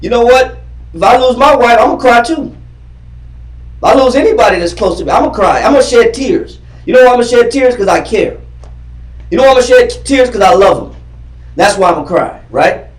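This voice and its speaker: A man's voice: extremely high pitch, fast talker. A man teaching a Bible class in a classroom, fervent and repetitive, quizzing his readers as he goes. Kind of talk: emphatic scripture teaching. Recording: roomy classroom from far off.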